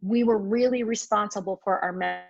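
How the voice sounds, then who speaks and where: A woman's voice: medium pitch, steady tone, fairly quick, gravelly, no echo, dull audio, faint music behind. A woman co-creator of a web series, earnestly sharing her crowdfunding experience.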